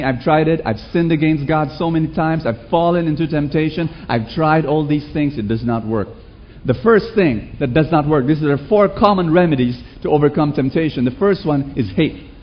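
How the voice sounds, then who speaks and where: A man's voice: on the high side, dull audio. A male preacher giving a sermon with call-and-response, telling stories and asking the congregation rhetorical questions. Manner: animated storytelling, rhetorical questions.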